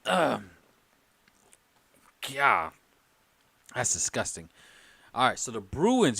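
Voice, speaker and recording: A man's voice: mid-range voice, very animated, extremely slow, creaky, pauses often, sharp tone, breathy edge, no echo. A man chatting loosely and joking with his viewers on a livestream, a little tipsy from wine. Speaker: livestream host. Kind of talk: casual live-stream chat.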